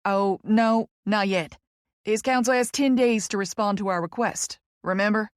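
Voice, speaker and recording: A woman's voice: mid-range voice, normal speed, no room sound, studio quality, lightly acted. A woman voicing a small older lawyer man with a thick Kentucky drawl who calls people honey. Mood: folksy. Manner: folksy, calls her honey.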